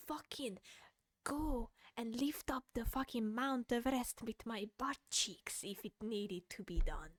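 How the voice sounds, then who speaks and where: A woman's voice: a little high, expressive, unhurried, dry recording. A young woman streamer in casual livestream commentary, ranting hotly while reading a post aloud, swearing and breaking into laughter. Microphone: close mic she bumps.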